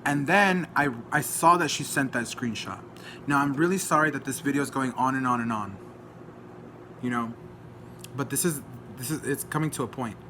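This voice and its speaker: A man's voice: mid-range voice, moderate pace, noisy background. A man from Dallas, Texas, vlogging an indignant, agitated rant as he retells a dispute. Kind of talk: heated personal rant to camera.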